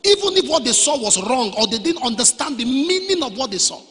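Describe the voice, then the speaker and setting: A male pastor preaching a sermon, dropping to quiet storytelling and then rising to shouted lines. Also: extremely high pitch, sing-song, brisk. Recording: reverberant hall.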